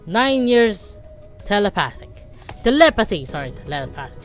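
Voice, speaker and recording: Woman, let's play host, casual reactions, lively pitch. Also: moderate pace, soft background music. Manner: casual, reacting aloud, self-correcting. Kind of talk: game playthrough commentary.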